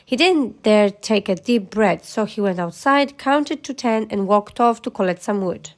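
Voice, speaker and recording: A woman with a mid-range voice tells a children's story a little slowly, bringing lively, expressive energy to the narration.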